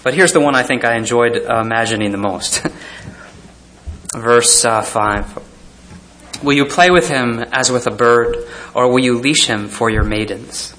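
A man delivers a sermon in a bright, forward voice of middling pitch. He reads verses aloud, then breaks into frequent chuckles, with plenty of fillers and restarts as he thinks aloud. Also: measured pace, slight background noise. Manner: animated, chuckling often, reads scripture aloud. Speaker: pastor.

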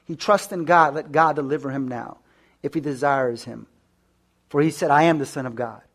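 A man's voice: on the high side, normal speed. A man preaching a sermon, reading scripture aloud, questioning his listeners and repeating key words for emphasis, with frequent stammered restarts.

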